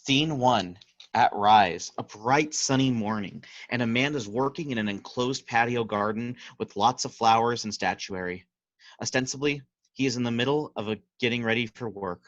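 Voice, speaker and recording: A man narrating stage directions in a plain, measured reading for an audio theater play. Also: mid-range voice, no room sound, dull audio. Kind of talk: scripted narration.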